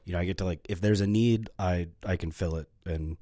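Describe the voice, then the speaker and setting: A man who works in film gear and grip, talking as a podcast guest in a relaxed way with frequent fillers. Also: low-pitched, fairly quick, no echo. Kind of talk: casual podcast chat.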